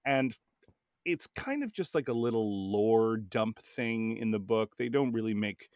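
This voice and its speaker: Low-voiced man telling game stories. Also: measured pace, dry recording, clean studio sound. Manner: relaxed, rambling storytelling. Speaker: game master. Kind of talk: casual podcast chat.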